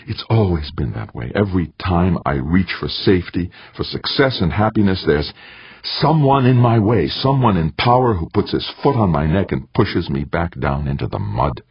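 Audiobook narrator, male, very low and husky, dramatic read, dry dull recording. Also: moderate pace, no echo. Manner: dramatic, expressive reading. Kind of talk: scripted narration.

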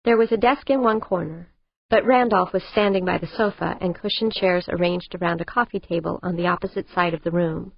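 A woman narrating an audiobook in a steady, even reading. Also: on the low side, creaky, no room sound. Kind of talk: scripted narration. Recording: dull lo-fi dry recording.

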